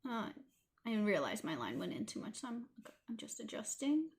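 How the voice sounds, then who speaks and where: A woman with a Toronto Canadian accent talks through a drawing tutorial in a casual, chatty way. Her voice sits a little high, and she drops in small apologetic asides as she works. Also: big pitch swings, normal speed. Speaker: art tutorial host.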